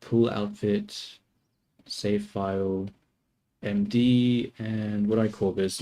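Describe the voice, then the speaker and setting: This young livestreamer does 3D modeling and narrates his thoughts in loose chatter, trailing off and correcting himself as he goes. He speaks slowly in a warm, lowish voice with a steady tone.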